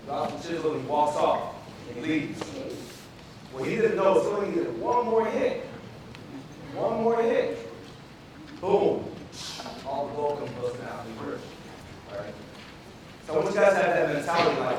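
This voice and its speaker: Male physician, motivational speaker, higher voice, quizzes the crowd, heard from far back in an echoey, noisy hall. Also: expressive, normal speed, pauses often. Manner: call-and-response with the audience, repetitive and emphatic. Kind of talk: motivational speech. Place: large hall with a PA system.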